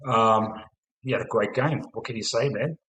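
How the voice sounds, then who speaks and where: A man's voice: lowish voice, moderate pace, a bit bright, poor audio. A man with an Australian accent hosting a casual footy stream, swearing often and padding with "mate" and "man". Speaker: host of a fan stream.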